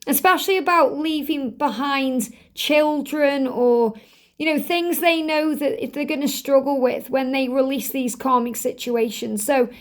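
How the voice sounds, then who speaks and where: A woman with a high, light voice gives a spiritual tarot card reading. She speaks earnestly and gently emphasises her points. She often circles back to repeat a phrase. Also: a little slow. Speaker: tarot reader.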